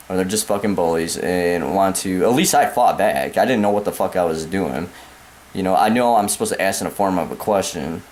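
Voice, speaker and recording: Young American man, vlog rant, profane, repetitive, lowish voice, faint background hum. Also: darkish tone. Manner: profane, repetitive, calling the listener man and dude. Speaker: vlogger. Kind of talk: angry rant to camera.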